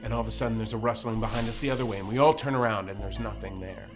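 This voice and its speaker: A man hosting a podcast, telling a spooky story in an animated way and acting out his friends' lines. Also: lowish voice, rapid-fire, over music. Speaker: podcast host. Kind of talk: storytelling, recounting a spooky experience.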